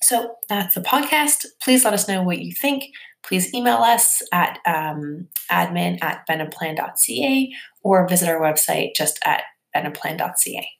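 Gravelly-voiced woman hosting a podcast. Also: on the low side, animated, normal speed. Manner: chatty, many fillers and asides. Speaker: podcast host. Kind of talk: casual explanatory podcast talk.

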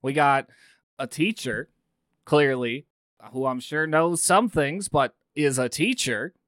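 A man's voice: a little high, slow, fairly bright tone, no echo, clean studio sound. A man playing an earnest, grumbling male sailor who rambles indignantly in a tabletop game. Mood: exasperated. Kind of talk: in-character tabletop play.

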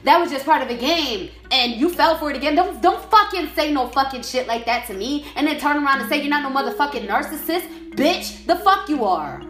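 A woman's voice: high voice, lively intonation, fairly quick, few pauses, fairly bright tone. A woman ranting angrily in a heated, profane monologue, repeating herself as she vents. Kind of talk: angry venting monologue. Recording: echoey room.

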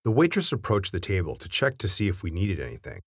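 A man reading a family anecdote aloud with wry, animated storytelling. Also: low voice, fast talker, husky, no echo, studio quality.

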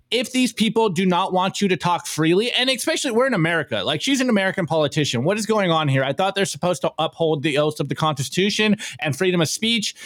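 A man's voice: a little high, a bit bright, no echo. A man co-hosting a podcast who rambles emphatically through a casual opinion chat, with plenty of fillers and laughs. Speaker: podcast co-host.

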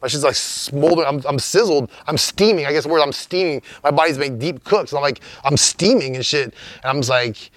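A man's voice: fairly high pitch, brisk, few pauses, fairly bright tone, dry recording. A man telling a story as an interview guest, in a rambling, profane, laid-back way.

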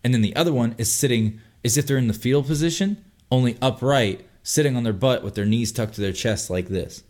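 A young man telling a long story on a casual podcast, animated and full of swearing. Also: mid-range voice, brisk. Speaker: podcast host.

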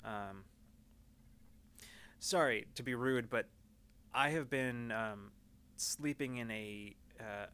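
A man's voice: medium pitch, slow pace, pauses often, a bit bright, clean tone. A man voicing a weary male smuggler who is dry and polite.

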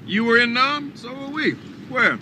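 Probing cop. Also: male voice, very high voice, normal speed. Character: skeptical male police officer. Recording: film clip with street noise.

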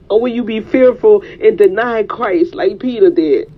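A woman's voice: medium pitch, normal speed, hardly any pauses. Woman preacher, fervent repetitive cadence, muffled lo-fi sound. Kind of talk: sermon. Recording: dull, lo-fi recording.

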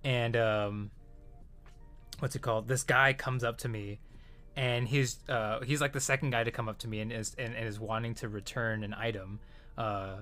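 A man's voice: mid-range voice, a bit bright. Casual male storyteller, rambling and profane, venting about work. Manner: rambling, profane, frequent fillers and restarts. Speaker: retail worker telling a story. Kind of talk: casual chat.

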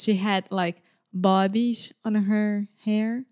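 A woman's voice: mid-range voice, a little slow. A woman, co-hosting a podcast in casual chat and telling stories with lots of laughter. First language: Portuguese. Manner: giggly, animated storyteller. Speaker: podcast co-host.

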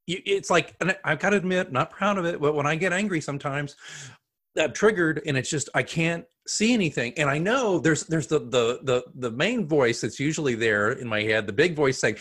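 A man's voice: on the high side, lively intonation, moderate pace, a bit bright. A man hosting an interview, asking long rambling questions full of "you know" and restarts. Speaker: host, communications advisor. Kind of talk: interview hosting, casual chat.

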